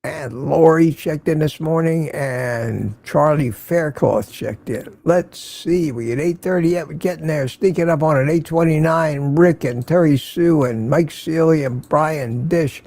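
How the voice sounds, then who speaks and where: Chatty older man with a mellow, dry voice. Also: fairly high pitch, unhurried, gravelly, few pauses. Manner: chatty, greets viewers by name, laughs often. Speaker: host of a morning live stream. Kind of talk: casual live-stream chat greeting viewers.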